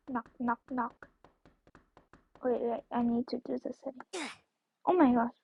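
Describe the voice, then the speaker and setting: High-pitched chatty girl gaming, lo-fi. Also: measured pace, vocal fry, breathy edge, no room sound. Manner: chatty, rambling, drops into whispers, sudden excited outbursts. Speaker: gameplay streamer. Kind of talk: casual gameplay commentary. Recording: dull lo-fi dry recording.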